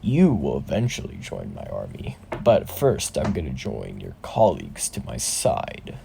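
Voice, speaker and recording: A young male hero turned shadow lord speaks in an alarming, dark tone, as a man puts him on. The voice drops far below the teller's own, slow and ominous, and sits a little back from the mic. It sounds like a fan-told storybook reading. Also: extremely low pitch, wildly swooping pitch, gravelly, a little hiss or hum, voice pushed down, heavily acted. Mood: dark, menacing.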